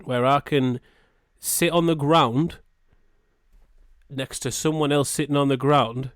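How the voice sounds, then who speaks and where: A man's voice: medium pitch, steady tone, takes it slowly, no room sound, studio quality. A man with a northern English accent, a podcast co-host, rambling bluntly and swearing in casual chat.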